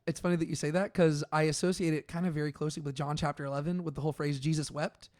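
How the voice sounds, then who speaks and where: Young male co-host, higher voice, chatty and animated in a casual scripture discussion. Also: rapid-fire. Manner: conversational, uses many "like"s, animated when paraphrasing. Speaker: podcast co-host. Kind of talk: casual Bible study discussion.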